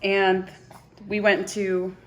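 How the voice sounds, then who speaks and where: Woman, 20s, confessional vlogger, halting and emotional, soft and hushed delivery. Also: medium pitch, level tone, noisy background. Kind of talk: personal confessional storytelling.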